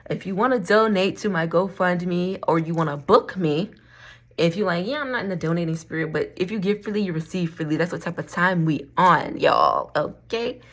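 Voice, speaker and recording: A Florida woman who vlogs and sells crystals chats casually to camera from home, rambling, laughing often, and saying "y'all." Her voice sits on the low side at a moderate pace.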